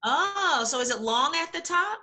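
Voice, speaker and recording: Middle-aged female guest, bright slightly high voice, encouraging and complimentary. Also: expressive, normal speed. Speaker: interview guest, talent agency founder. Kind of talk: casual interview chat.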